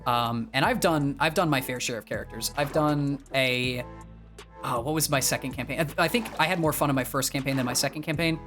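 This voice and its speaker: A man's voice: mid-range voice, a little fast, fairly bright tone, faint music behind. A young man from the northeastern US, chatting casually on his livestream and rambling, with many fillers and restarts. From northeastern US, near Boston. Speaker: streamer.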